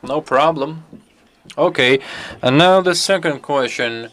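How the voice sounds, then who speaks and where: A man interpreting a conference Q&A live, halting as he picks his words. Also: fairly high pitch, fairly bright tone.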